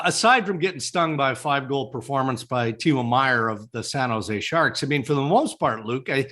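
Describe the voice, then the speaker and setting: Man, podcast co-host, bright tense tone, emphatic, casual chat. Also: fairly high pitch. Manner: chatty, emphatic, laughs often.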